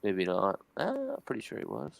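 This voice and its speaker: A man's voice: sits low, big pitch swings, a little fast, creaky. A man co-hosting a casual betting chat, blunt and cursing, who repeats his points. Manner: blunt, repeats himself, swears. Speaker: podcast co-host.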